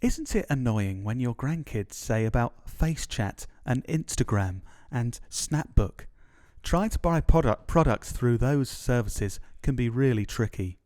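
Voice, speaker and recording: A man voicing a folksy advert announcer who pitches a product to elderly people in a chummy, rambling sales patter. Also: lively intonation, a little slow, few pauses, darkish tone, no echo, studio quality, natural voice.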